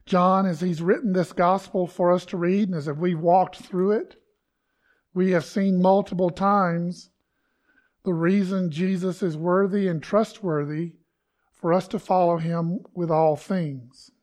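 A man's voice: sits high, steady tone, unhurried, a little mellow. A man preaching a conversational sermon to his congregation, acting out quoted lines with emphasis. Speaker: pastor.

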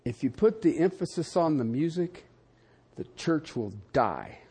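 An older man preaching a sermon, animated and conversational, with frequent asides to the congregation. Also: unhurried, breathy edge. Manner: animated preaching with wide swings in pitch and loudness, asides to the audience. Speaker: pastor.

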